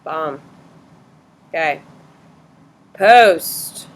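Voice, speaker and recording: A woman teacher in a classroom, questioning students briskly and bluntly correcting their answers. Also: deep voice, expressive.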